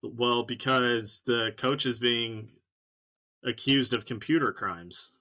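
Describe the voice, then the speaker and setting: A man's voice: mid-range voice, slow pace, bright, forceful tone. A man co-hosting a sports talk show, firmly defending his point in a heated debate.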